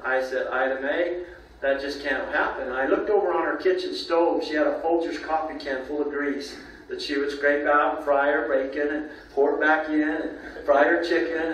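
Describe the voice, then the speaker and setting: A man's voice: on the high side, fairly even intonation, normal speed, a bit bright. A man telling anecdotes in a casual, rambling way, often tagging his sentences with "you know" and "okay?". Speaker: nutrition company presenter. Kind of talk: casual storytelling talk. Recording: very echoey room, voice from a distance.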